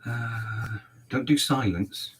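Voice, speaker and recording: A man's voice: mid-range voice, slow, fairly bright tone, breathy edge. Sweary ranting barber man. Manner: sweary, ranting, mock-outraged. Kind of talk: livestream chat while cutting hair.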